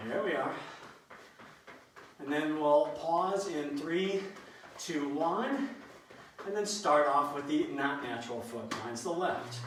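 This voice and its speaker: A man's voice: a little high, slow pace, pauses often, fairly bright tone. A man leading a workout class, counting out reps and cueing moves with joking asides. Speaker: fitness instructor. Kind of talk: live workout coaching. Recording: echoey room, mic at a distance, faint noise.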